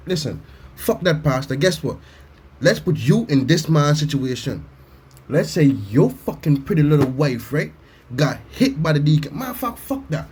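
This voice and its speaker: Loud, profane man ranting at a video. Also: fairly high pitch, lively intonation, moderate pace, breathy edge. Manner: loud, blunt, swearing, mocking. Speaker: reaction commentator. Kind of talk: profane comedic reaction rant.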